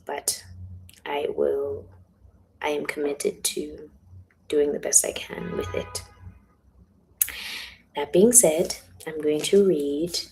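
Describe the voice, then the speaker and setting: A young woman chatting on a livestream, often slipping into hushed whispers, with a headache. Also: sits low, little pitch movement, slow, creaky, long pauses, a little hiss or hum, poor audio. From South Africa. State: has a headache. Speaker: author on a livestream. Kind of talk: casual livestream chat. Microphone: phone or webcam livestream.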